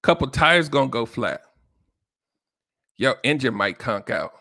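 A man's voice: mid-range voice, animated, measured pace, gravelly, pushed and bright, no echo, studio quality. A man hosting a solo relationship-advice podcast, talking casually and directly to listeners, often checking in with "right?". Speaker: podcast host.

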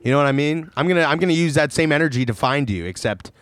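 Smooth-voiced man riffing on a podcast. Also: fairly high pitch, animated, fast, a bit bright, no echo. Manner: laughs often, meandering riffs. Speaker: podcast co-host. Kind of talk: casual comedic chat.

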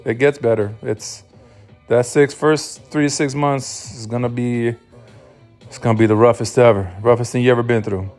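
A podcast host, a sleep-deprived new father, delivers a loose, rambling, profane solo monologue full of restarts. His medium-pitched, darkish voice has fairly even intonation at a normal speed, with soft music in the background.

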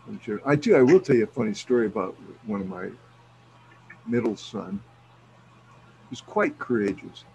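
Middle-aged man, raspy, swears freely, animated casual storyteller. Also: on the low side, moderate pace, pauses often, a little hiss or hum, poor audio. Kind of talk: casual chat.

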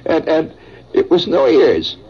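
A man's voice: fairly high pitch, very animated, a little slow, a little mellow, slightly rough. A middle-aged man hosting a radio show, telling a rambling story in a folksy, conversational way, with chuckles and asides to listeners. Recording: dull vintage radio broadcast.

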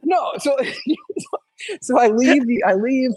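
A man hosting a casual podcast, telling rambling, animated stories with frequent restarts. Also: extremely high pitch, normal speed, no echo, low-quality recording. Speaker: podcast host.

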